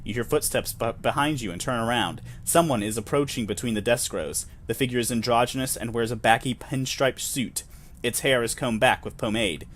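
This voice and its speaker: A man's voice: mid-range voice, a little fast, a bit bright, a little hiss or hum. A man narrating a solo tabletop game in a self-amused, chatty way, dropping jokey asides.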